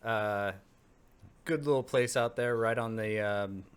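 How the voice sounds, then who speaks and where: A man's voice: on the low side, measured pace, clean tone. A man from the Pacific Northwest co-hosting a podcast, chiming in with jokes and laughs in a casual chat. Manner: playful, chimes in with jokes and laughs. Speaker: podcast co-host.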